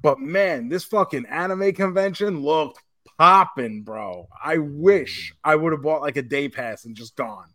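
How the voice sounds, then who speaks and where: A podcast co-host tells a convention story in casual chat, swearing now and then. His fairly high, slightly bright voice moves a little slowly, recorded in clean studio sound with no echo.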